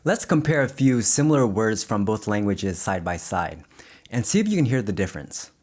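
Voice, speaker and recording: Low-voiced man teaching pronunciation. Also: very animated, darkish tone. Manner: slow, careful demonstrations of single words. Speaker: language teacher. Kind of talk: explaining pronunciation to the camera.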